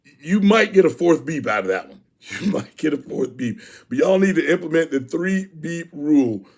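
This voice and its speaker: A man hosting a youth sports show in casual live-stream chat, animated, repeating phrases and shouting out viewers by name. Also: on the high side, normal speed, creaky.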